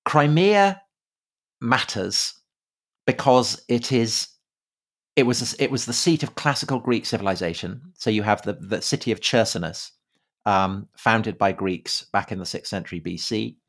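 Halting, low-voiced male podcast host. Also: fairly bright tone. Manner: halting, with frequent fillers and repeated words. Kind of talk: casual conversational history chat.

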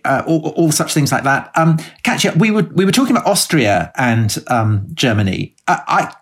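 A man co-hosting a podcast, moving things along with brisk links and questions. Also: medium pitch, husky. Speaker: podcast co-host.

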